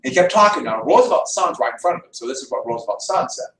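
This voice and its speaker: A man lecturing on history in a lively storytelling way, acting out quotes as he goes. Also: a little high, fast. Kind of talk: classroom lecture. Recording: echoey room, mic far off.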